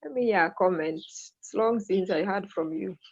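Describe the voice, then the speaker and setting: A woman's voice: mid-range voice, moderate pace. A woman teacher leading an online English lesson, prompting students and repeating their answers back. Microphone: video call. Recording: muffled video call audio.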